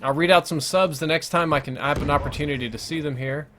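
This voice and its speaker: A man hosts a live game stream in a relaxed, running commentary, his voice sitting a little above the usual male pitch. He reads out viewer messages between plays and drops dry, joking remarks along the way. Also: fast talker, background noise. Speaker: gaming livestream host. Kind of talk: casual live gameplay commentary.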